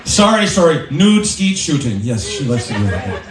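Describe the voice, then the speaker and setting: A man's voice: medium pitch, big pitch swings, normal speed, far from the mic. A man performing in a bar, teasing the crowd with jokes between songs. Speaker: bar singer and guitarist. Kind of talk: live stage banter between songs. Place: bar, indoors. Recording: echoey bar taped from afar, guitar.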